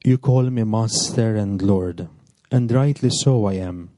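A man voicing Jesus as a calm teacher in a plain, unhurried gospel reading. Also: on the low side, no echo, natural voice. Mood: teaching. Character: Jesus, calm male teacher speaking to disciples.

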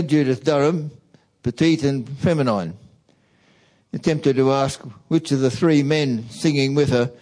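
A man giving a reflective talk to a church audience, speaking in a slow, measured way. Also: a little high, warm tone, poor audio. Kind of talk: reflective talk, reading song lyrics aloud.

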